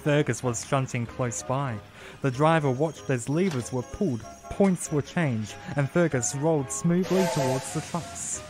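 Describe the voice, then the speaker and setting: A man reading a children's train story aloud as narrator, with a calm, steady delivery. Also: medium pitch, measured pace. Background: music.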